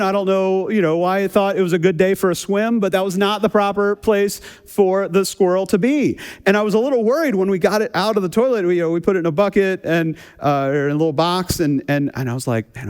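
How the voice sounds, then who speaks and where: A man preaching a conversational sermon, telling a funny personal story in a relaxed, chatty way and often repeating words as he restarts. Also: high voice, smooth. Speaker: pastor. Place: church sanctuary. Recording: long hall reverb.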